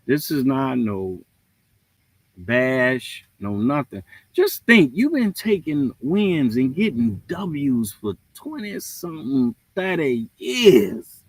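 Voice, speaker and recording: A man hosts a livestream, delivering a casual, preachy rant sprinkled with jokes in an animated way. His mid-range voice moves slowly, and the recording has no echo.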